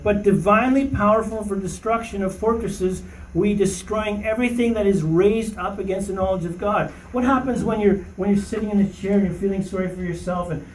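A man's voice: sits high, a little fast, few pauses, far from the mic, slight background noise. A man leading an informal Bible study for a small group, emphatic and rising to preaching fervor, often checking in with "okay?". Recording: roomy echo, voice from off-mic, faint ambience.

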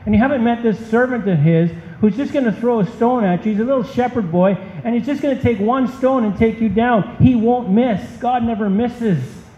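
A man's voice: very high-pitched, normal speed, hardly any pauses, mellow, slight background noise. A man preaching a sermon as a pastor, emphatic and impassioned. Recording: dull, echoey hall.

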